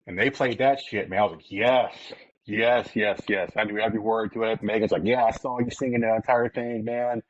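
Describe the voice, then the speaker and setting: A man's voice: on the low side, steady tone, fast, few pauses, no echo, muffled recording. A man hosting a casual podcast, rambling a little. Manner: rambling, fillers and restarts. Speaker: podcast host. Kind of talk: casual chat.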